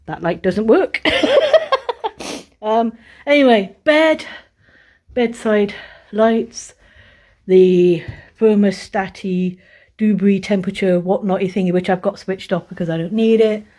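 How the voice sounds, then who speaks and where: Her voice is mellow and medium in pitch, and she takes her time. Filming herself on a phone in a hotel room, she vents in exasperation and curses frequently, then moves into a casual room tour for the camera.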